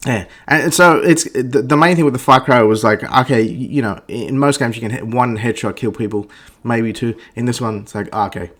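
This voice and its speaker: Profane ranting man, mid pitch. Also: moderate pace. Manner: profane, blunt, stammers and restarts. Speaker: gaming vlogger. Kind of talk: ranting game review monologue.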